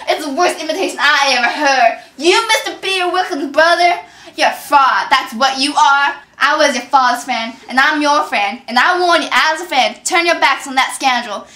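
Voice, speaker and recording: A stern male town doctor, indignant and scolding as he warns everyone, with a young woman performing him. The high, bright voice makes the amateur drama reading plain. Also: reverberant.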